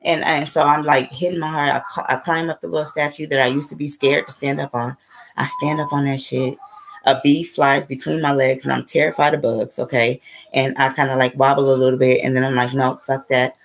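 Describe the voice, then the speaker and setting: Her voice is a rumbling low, creaky and a little fast, with little pitch movement. A spiritual vlogger, she tells a rambling, casual story, swearing freely and checking in with "okay?" and "right?" There's slight background noise and the audio is poor.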